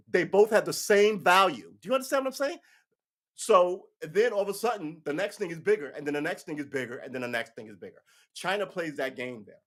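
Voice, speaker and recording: A man giving casual, profane political commentary on a livestream, ranting and slipping into mocking voices. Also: sits high.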